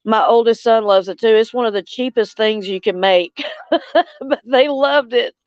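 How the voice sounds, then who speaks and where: An older woman from Louisiana hosting a casual livestream chat, speaking slowly and tenderly with soft chuckles, tearful at times. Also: fairly high pitch, no echo, highs cut off. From Louisiana, USA. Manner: slow, tender, chuckling between lines. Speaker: livestream host.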